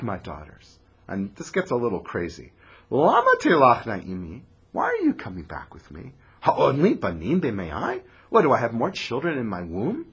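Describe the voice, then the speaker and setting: A man giving a Bible class, reading the Hebrew and translating as he goes. His voice is bright and slightly husky, and it swings up high and falls low as he acts out what the speakers say. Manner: animated, reads Hebrew verses then translates, acts out the speakers with rising pitch. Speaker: Torah teacher.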